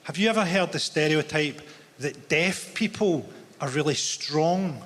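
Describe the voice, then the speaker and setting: A man from Glasgow with a Glaswegian Scottish accent, delivering a stand-up comedy set in dry, deadpan one-liners. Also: on the high side, measured pace. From Glasgow, Scotland. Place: large theatre stage. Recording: reverberant theatre hall with audience noise.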